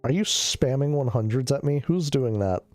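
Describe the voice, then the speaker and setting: An ill streamer rambles through loose, casual chat in an ordinary mid-pitched voice, coughing now and then and wandering into loopy, profanity-laden tangents. He is expressive and keeps a moderate pace. The sound is close and dry with no room sound, and soft music plays behind him.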